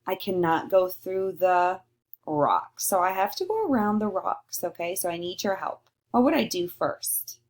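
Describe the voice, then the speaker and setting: A woman teacher giving a recorded lesson to young children, slowly sounding out letters and praising answers. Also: on the low side, animated. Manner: slow, sing-song and encouraging, sounding out letters.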